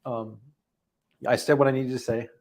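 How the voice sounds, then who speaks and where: A man hosting a livestream recap, talking unscripted, halting and emotional with many restarts, audibly holding back tears. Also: medium pitch, steady tone, darkish tone. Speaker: livestream host giving a daily recap.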